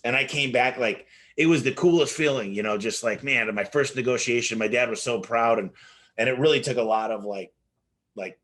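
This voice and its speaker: A man telling animated stories as an interview guest, acting out the dialogue in his anecdotes with frequent restarts. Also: on the low side. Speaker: business owner guest. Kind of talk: casual interview storytelling.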